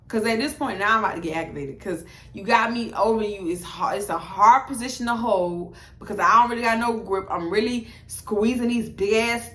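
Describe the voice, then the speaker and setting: A woman's voice: a little high, reverberant. Blunt profane young woman telling a story. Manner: blunt, profane, animated, acts out both sides of the dialogue. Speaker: storytime vlogger. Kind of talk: casual storytelling to camera.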